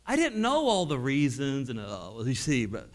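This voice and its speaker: A middle-aged man preaching a sermon, telling personal stories and swinging from loud exclamations to hushed, emotional tones. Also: mid-range voice, wildly swooping pitch, normal speed.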